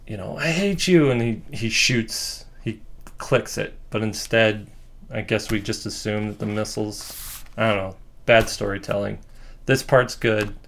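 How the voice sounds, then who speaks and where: A man who is a comic artist, casually walking through comic pages in a relaxed, rambling, self-critical way with frequent ums. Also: on the low side, gravelly, slight background noise. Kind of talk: casual page-by-page walkthrough.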